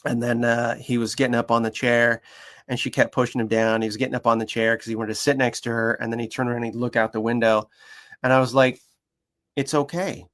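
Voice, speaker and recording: A man who works as a dog behaviour consultant, chatting casually and telling stories passionately, acting out the voices of the people and animals in them. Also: fast. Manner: animated, acts out quoted voices with big pitch jumps; emphatic and passionate. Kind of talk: casual conversational storytelling.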